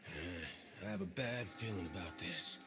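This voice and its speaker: Wisecracking impatient traveler, slow drawl, music under , voiced by a man. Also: sits low. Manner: sarcastic, mild fake swearing.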